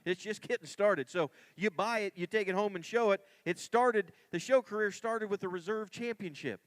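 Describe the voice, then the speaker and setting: A man announcing lots at an auction, giving enthusiastic, folksy sales pitches between bids. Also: moderate pace, no room sound. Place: livestock auction ring.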